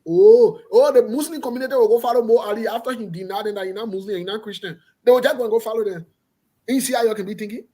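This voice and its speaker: A man runs a political talk show, pressing his points with emphatic repetition. His voice has a husky, breathy edge. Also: high-pitched, quick pace, mellow.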